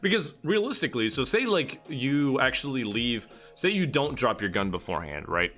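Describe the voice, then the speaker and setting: A man's voice: mid-range voice, big pitch swings, moderate pace, sharp tone, faint music behind. A man streaming live, casually reviewing competitive match replays, rambling and swearing freely. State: getting out of breath.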